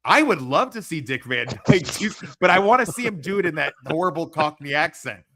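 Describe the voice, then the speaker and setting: A man's voice: on the high side, very animated, brisk, fairly bright tone, a little hiss or hum. Profane joking man hosting a stream. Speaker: podcast host. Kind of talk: casual livestream chat.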